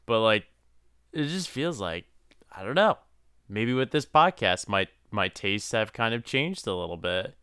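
A young man co-hosts a podcast, chatting casually, laughing often and stumbling into stammering restarts. His voice sits on the low side, sharp yet smooth and very animated, at an unhurried pace. The studio-quality audio has no room sound.

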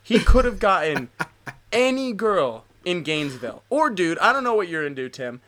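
A young man in his twenties rants through a sports story on a casual podcast, animated and profane. His voice sits somewhat high for a man, and he builds each point up with swearing for emphasis. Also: moderate pace. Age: 20s. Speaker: podcast co-host.

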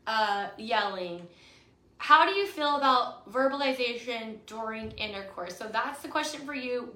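A young woman co-hosting a podcast in a casual live chat, her voice worn raspy from yelling, bubbly and chatty with lots of fillers. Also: a little high. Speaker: podcast co-host. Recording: echoey room.

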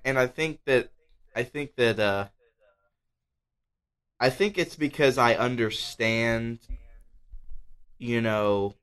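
A man guesting on a podcast, talking in an animated way, saying dude a lot and dropping to a mumble. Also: mid-range voice, takes it slowly, pauses often, clear, resonant tone. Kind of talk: casual chat.

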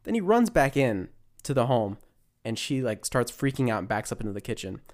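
Young man, podcast co-host, casual film chat, rambling, restarts often, mid-pitched voice. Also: big pitch swings, a little fast, a little mellow. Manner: rambling retelling with frequent restarts.

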